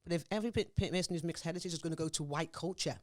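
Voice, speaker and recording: Fast-talking Scouse woman, impassioned. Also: lowish voice. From Liverpool, England. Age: 40s. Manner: emphatic, forthright, often asks "you understand me?". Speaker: interview guest. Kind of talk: impassioned interview talk.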